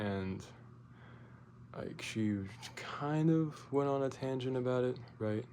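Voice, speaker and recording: A young man telling a rambling, profane story in a casual vlog, full of fillers and restarts, getting loud and animated as he retells his outburst. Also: mid-range voice, takes it slowly, slight background noise. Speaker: vlogger.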